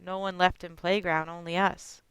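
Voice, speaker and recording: A woman's voice: lowish voice, level tone, moderate pace, fairly bright tone, smooth, no echo, lightly acted, low-quality recording. A woman performing a monologue as a stubborn immigrant grandmother in her late sixties. She speaks in blunt, broken English. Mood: fretful, blunt. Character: stubborn 68-year-old Chinese immigrant grandmother. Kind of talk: dramatic monologue.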